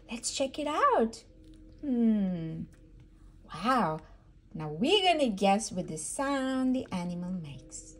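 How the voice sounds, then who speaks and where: A woman reading a barn animal book aloud to a toddler, in a sing-song way with animal sounds. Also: mid-range voice. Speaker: storybook reader for toddlers. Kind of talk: read-aloud for babies.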